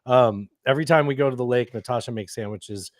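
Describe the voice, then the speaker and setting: A man hosting a casual comedy podcast, animated and jokey. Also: mid-range voice, a little fast, no echo, studio quality. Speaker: podcast host.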